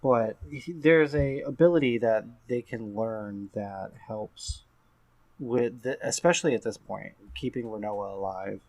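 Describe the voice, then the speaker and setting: Mid-pitched man chatting, dry podcast sound. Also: measured pace, a little mellow, no echo, rough recording. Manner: chatty, hesitant, swears for laughs. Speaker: podcast co-host. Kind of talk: casual gaming chat.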